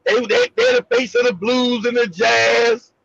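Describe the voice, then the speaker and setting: A man co-hosting an online talk show, chatting bluntly with lots of laughter and animated retelling. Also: extremely high pitch, a little slow, vocal fry, lo-fi sound, slight background noise. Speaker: co-host. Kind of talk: casual chat.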